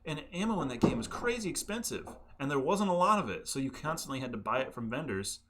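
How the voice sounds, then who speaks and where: A young adult man co-hosting a casual gaming podcast, joking and telling animated stories. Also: medium pitch, fast, noisy background. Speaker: podcast co-host. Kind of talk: casual chat.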